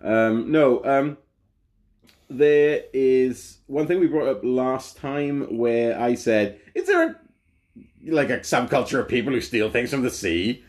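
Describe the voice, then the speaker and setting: A man co-hosts a podcast in casual chat, rambling with lots of fillers and laughing often. His voice is medium-pitched, slow and a little mellow.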